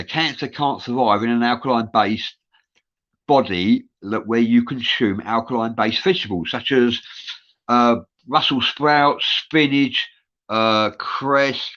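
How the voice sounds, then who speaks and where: A man's voice: mid-range voice, fairly bright tone, muffled recording. A man from London with a London English accent hosting a live show, reading out viewer comments in an earnest, rambling way. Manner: rambling, many filler uhs, earnest. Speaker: show host.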